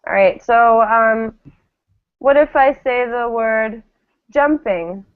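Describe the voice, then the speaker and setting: A woman teacher leads a classroom pronunciation drill in a slow, patient way. Her voice sits fairly high. The recording is thin and phone-like. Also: steady tone. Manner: patient, models each word clearly. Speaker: English teacher.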